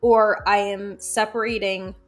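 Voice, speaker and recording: A woman guest in a casual interview, talking in a lively, chatty way with frequent laughs and fillers. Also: medium pitch, a little slow, faint music behind. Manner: animated, chatty, laughs often, many fillers. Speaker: guest, folk magic practitioner.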